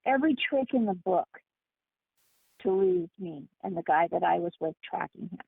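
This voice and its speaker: A woman guest on a call-in talk show, telling her story in an animated, emphatic way over the phone. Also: mid-range voice, vocal fry, husky, no room sound. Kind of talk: casual phone interview. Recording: tinny phone line.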